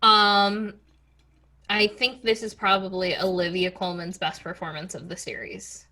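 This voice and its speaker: A woman's voice: fairly low pitch, a little slow, sharp tone. A woman co-hosting a podcast, chatting casually and a little hesitantly with filler words. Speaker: podcast co-host. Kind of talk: casual chat.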